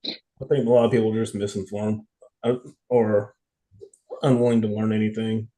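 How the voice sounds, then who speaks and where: A man's voice: lowish voice, flat delivery, moderate pace, mellow, rough recording. A man hosting a podcast in casual chat, telling stories in a laid-back way.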